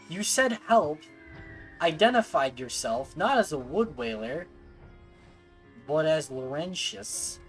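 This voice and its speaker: A man's voice: on the high side, very animated, slow pace, pauses often, faint music behind. A man streaming a game, joking and playful, with asides to himself. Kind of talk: casual gameplay commentary.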